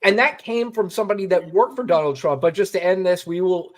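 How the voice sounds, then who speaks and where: A man co-hosting a podcast, giving casual political commentary in an animated, emphatic way and swearing freely. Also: sits high, a little fast. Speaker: podcast co-host.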